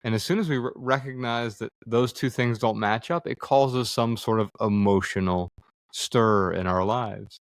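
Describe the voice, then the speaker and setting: A man's voice: fairly low pitch, normal speed, no room sound, studio quality. A man in his forties, a podcast guest, telling a personal story in an earnest, reflective way and acting out quoted dialogue. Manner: earnest, acts out quoted dialogue, frequent fillers. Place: studio room with others present.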